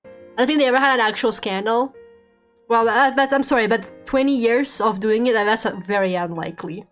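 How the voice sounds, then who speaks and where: A woman's voice: fairly high pitch, fairly quick. A woman streamer chatting casually while drawing, swearing freely and laughing often. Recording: faint background music.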